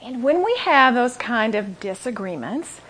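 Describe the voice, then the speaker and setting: A woman teaching a sermon, telling stories with animated delivery and dropping into near-whispers for emphasis. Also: fairly high pitch, measured pace, husky. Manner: animated storytelling, acting out quotes, dropping to a whisper. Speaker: Bible teacher. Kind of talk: sermon to a women's audience.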